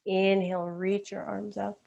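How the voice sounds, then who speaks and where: A yoga instructor cues a live-streamed flow slowly and calmly, pacing her words to the breath and sometimes correcting herself, while sounding slightly out of breath. Her medium-pitched voice is creaky, coming through a video-call mic with the highs cut off.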